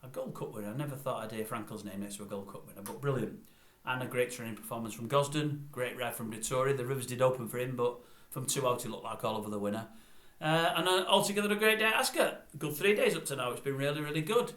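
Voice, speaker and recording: An older man rants through a blunt, grumbling review in a mid-pitched voice, repeating his complaints. He is recorded in a room that gives his voice a noticeable echo. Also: fast, fairly bright tone. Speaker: vlogger. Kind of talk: ranting review.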